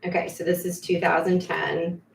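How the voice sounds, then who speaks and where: A woman's voice: on the low side, level tone, normal speed, creaky, slight background noise. A woman with a Long Island accent reading from her own memoir at a bookshop event, with self-deprecating asides. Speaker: author. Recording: echoey room, mic at a distance.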